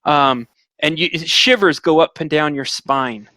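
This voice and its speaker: A man with a fairly high voice runs a tabletop game, narrating scenes in long, filler-laden stretches. The recording is dry and close, with almost no room sound. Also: unhurried, sharp tone, no room sound. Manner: descriptive, filler-heavy narration. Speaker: game master.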